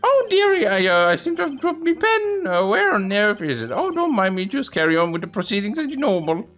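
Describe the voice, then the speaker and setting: A man's voice: high-pitched, sing-song, fairly quick, fairly bright tone, faint music behind, voice pushed up. A man voicing a flustered, dithering elderly judge in a game. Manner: fussy and dithering. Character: flustered old male judge.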